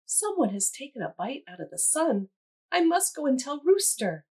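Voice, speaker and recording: A woman reading aloud and voicing an excited, alarmed female hen in a children's storybook. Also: high voice, moderate pace, voice pushed up. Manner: excited, exclaiming.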